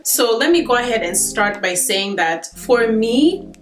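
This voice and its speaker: A woman's voice: a little high, animated, measured pace, reverberant, soft background music. A Kenyan woman in her thirties, chatting casually to camera as a vlogger, laughing between points.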